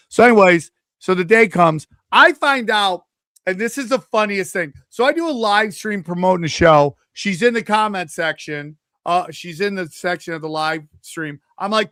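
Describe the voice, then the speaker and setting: High-pitched, animated male storyteller. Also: moderate pace, no echo, clean studio sound. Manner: animated, acts out quotes in changing voices; profane, rambling with restarts. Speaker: podcast host. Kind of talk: casual storytelling chat.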